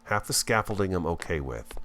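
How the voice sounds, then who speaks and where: A low, deep-voiced man talks his way through a building game in a relaxed, folksy ramble. His voice swings up and down a lot as he chats to viewers like old friends, close to a desk mic. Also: fairly quick. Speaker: let's-play host. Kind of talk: casual gameplay commentary.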